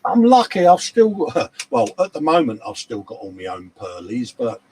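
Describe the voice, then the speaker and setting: A man's voice: medium pitch, huge pitch swings, moderate pace, darkish tone, husky. A man, chatting casually and jokily on a live hobby show, laughing often and reading out viewer comments. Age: 40s. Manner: chatty and jokey, laughs often, calls people mate. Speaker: co-host of a live model-building chat show.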